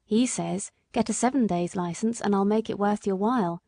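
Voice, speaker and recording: A woman's voice: medium pitch, moderate pace, creaky, dark tone. A woman reading an audiobook, voicing an earnest, humble working-class male cabman in a plain, respectful way. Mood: steady.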